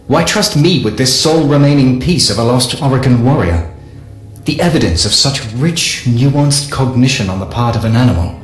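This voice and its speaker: A man reading a first-person diary as scripted narration, measured, solemn and deliberate. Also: medium pitch, lively intonation, a little hiss or hum. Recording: echoey room with faint music.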